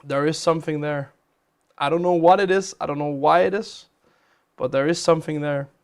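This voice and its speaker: A man's voice: a little high, fairly quick. A man hosting a game live stream, chatting casually as he plays, with a chatty, rambling manner. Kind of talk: casual live-stream chat while playing games.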